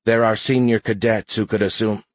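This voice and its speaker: Decisive female army officer, brisk orders, husky low voice, man voicing. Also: fairly even intonation, dry recording, natural voice. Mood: commanding. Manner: brisk, commanding.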